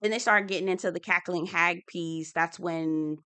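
Chatty woman with a bright voice recapping reality TV. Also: fairly low pitch, steady tone, moderate pace. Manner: chatty and opinionated, slangy, acts out quotes. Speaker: TV recap host. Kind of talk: casual reality-TV recap commentary.

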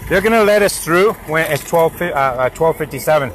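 Holding his phone on a street beside a school, a parent quarrels heatedly and repetitively with road workers. He talks briskly in a slightly high, fairly bright voice with lively intonation. The low-quality recording has slight background noise.

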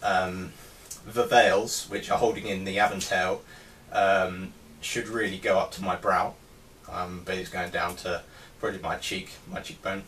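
A man's voice: sits low, steady tone, measured pace, hardly any pauses, a bit bright. A man giving a casual show-and-tell of his helmet collection, talking hesitantly with many ums and restarts. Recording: distant mic with faint background noise.

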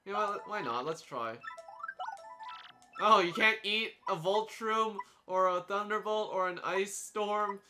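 A young man giving casual, joking gameplay commentary as he plays, sarcastic and quick to laugh. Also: high-pitched, lively intonation, over music. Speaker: let's play commentator.

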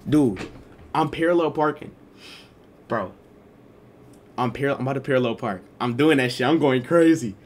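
A man telling a story to his live stream chat, slangy and excitable, swinging between mumbled asides and loud exclaims. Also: medium pitch, normal speed, pauses often, slight background noise.

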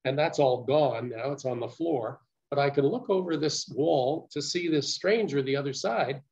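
An older man recounting his story as a guest speaker, earnest and measured, with small stammers. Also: medium pitch, creaky, a little mellow. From Canada. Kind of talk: personal storytelling talk. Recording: muffled lo-fi recording.

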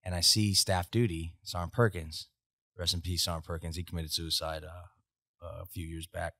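A man in his thirties with an American accent and a low voice recounts army stories at a moderate pace, full of profanity and animation. He's a veteran guest chatting casually on a podcast, recorded through a studio mic with clean sound and no room noise.

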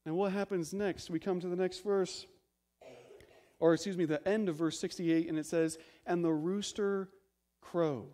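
A pastor delivering a sermon with a high, bright-pitched voice. He preaches emphatically and keeps asking rhetorical questions. He drops into hushed low phrases between loud stresses. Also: steady tone, normal speed.

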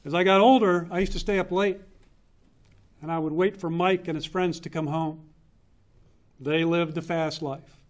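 A man in his fifties gives a eulogy for his older brother in a funeral home chapel, telling family stories in an earnest, unhurried way with pauses for effect. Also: on the high side, steady tone. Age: 50s. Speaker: eulogist, younger brother of the deceased. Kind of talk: memorial eulogy, personal storytelling.

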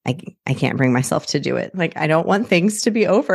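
Chatty low-voiced woman podcast host. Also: brisk, vocal fry, slightly rough, no echo, clean studio sound. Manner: chatty and animated, laughs often. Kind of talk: casual solo podcast talk.

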